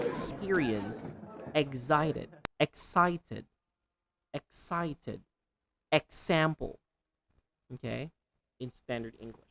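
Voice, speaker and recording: A woman with an unusually deep, low voice teaches pronunciation at an unhurried pace. She repeats each word carefully and exaggerates every sound so learners can follow. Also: animated, a faint crowd. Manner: slow, deliberate, repeats words with exaggerated enunciation. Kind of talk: pronunciation tutorial.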